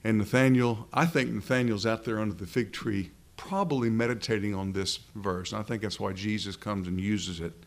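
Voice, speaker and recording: A man's voice: on the low side, normal speed, hardly any pauses. A man preaching a sermon to a live congregation, earnest and emphatic, drawing out key words for stress.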